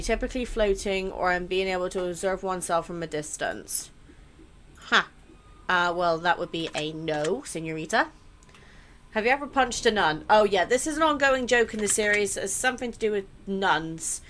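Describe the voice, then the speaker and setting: A woman's voice: mid-range voice, moderate pace, a bit bright. Casting note: young adult woman streamer, candid and unfiltered, mid-range voice, light noise underneath. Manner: chatty and blunt, swears casually. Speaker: gaming content creator. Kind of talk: casual let's play commentary, reading questions aloud.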